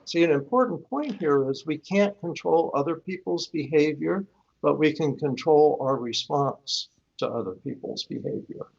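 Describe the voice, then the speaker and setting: A calm older man answers questions on a live stream, explaining step by step and leaning on stories from his cases. His voice sits a little high for a man. The stream audio is dull and lo-fi. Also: normal speed, gravelly, breathy edge. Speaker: guest expert on high-conflict divorce.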